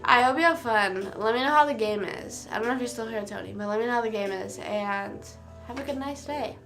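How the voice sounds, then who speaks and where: Young woman, casual livestream chat, rambling, self-deprecating, bright tone, slightly high. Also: a little fast, faint music behind. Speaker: streamer.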